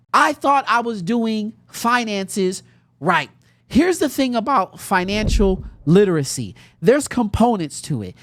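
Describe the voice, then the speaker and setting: A woman's voice: mid-range voice, dry recording. A young adult woman hosting a podcast, telling a personal story in a conversational way with bursts of laughter. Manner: animated, conversational, laughs while telling stories. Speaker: podcast host.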